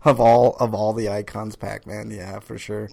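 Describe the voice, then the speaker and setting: A man's voice: on the low side, level tone, normal speed, gravelly, dark tone. A man hosting a casual gaming podcast, loose and joking, swearing freely and laughing often. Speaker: podcast host.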